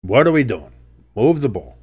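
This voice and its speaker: A man's voice: medium pitch, moderate pace, breathy edge, dull audio. Sick man calling play-by-play. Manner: blunt, swears casually, excitable on plays. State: sick, sniffly voice. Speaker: sports streamer. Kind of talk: play-by-play commentary and reaction.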